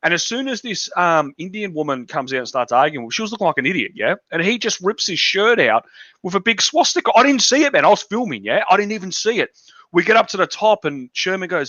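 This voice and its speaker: A man's voice: high-pitched, sing-song, quick pace, pushed and bright, no echo. An Australian man hosting a casual political chat, blunt and profane, ranting in a dull lo-fi recording. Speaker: podcast host.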